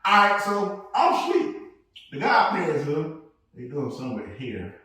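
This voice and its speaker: A man hosts a loose podcast chat, his voice sitting a bit high and swinging widely as he acts out stories. He laughs often. He sounds set back from the mic in a very echoey room. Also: moderate pace, far from the mic. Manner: animated storytelling, laughing often. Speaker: podcast host. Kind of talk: casual chat.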